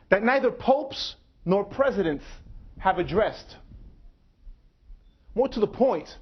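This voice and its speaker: High-pitched man giving a measured talk. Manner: measured, dramatic pauses. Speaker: speaker. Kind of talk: public lecture. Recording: dull lo-fi lecture recording.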